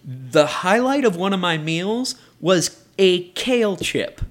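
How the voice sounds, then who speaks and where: A man's voice: sits high, takes it slowly. A young man hosting a casual podcast in an apartment, telling stories animatedly and swearing a lot. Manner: profane, animated storytelling with frequent laughter. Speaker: podcast host. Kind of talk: casual chat.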